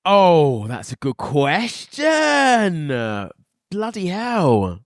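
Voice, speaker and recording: A man's voice: sits high, wildly swooping pitch, drawn-out words, no room sound, studio quality. A man talking as a podcast guest in casual comedic chat, giggly, playful and often hesitant. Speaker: podcast guest, drag performer.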